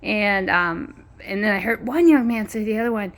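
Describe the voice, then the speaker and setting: Woman, casual vlog chat, rambling, light laughs, mid-pitched voice, outdoor courtyard. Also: normal speed, a bit bright. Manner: chatty, meandering, frequent small laughs. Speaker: vlogger. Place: apartment complex courtyard outdoors.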